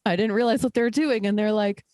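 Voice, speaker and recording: A woman's voice: mid-range voice, steady tone, fast talker, darkish tone, no room sound. A woman guest, a trail ultrarunner, talking candidly and emphatically in a casual interview, with many fillers.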